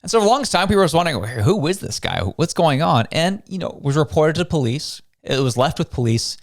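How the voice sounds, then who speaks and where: A man's voice: a little high, sing-song, fast talker. A man from Canada hosting a show, giving casual news commentary in a conversational way, full of rhetorical questions. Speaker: show host.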